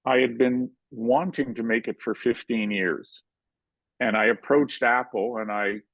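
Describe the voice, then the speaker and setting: An older man, a filmmaker, telling animated stories in an interview and acting out the quotes. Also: mid-range voice, measured pace, dry recording, rough recording. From Canada. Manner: animated anecdotal storytelling, acts out quotes. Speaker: guest filmmaker. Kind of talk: storytelling in a conversational interview.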